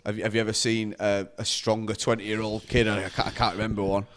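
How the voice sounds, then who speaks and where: A man's voice: fairly low pitch, level tone, fast, fairly bright tone, slight background noise. A man co-hosting a casual sports podcast, running through a list with frequent ums and uhs. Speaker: podcast co-host.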